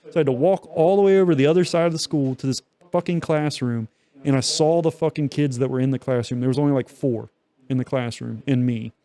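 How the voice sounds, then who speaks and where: A man's voice: medium pitch, quick pace, dark tone. A young man co-hosting a podcast, telling a long story in loose, profane casual chat with many fillers. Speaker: podcast co-host.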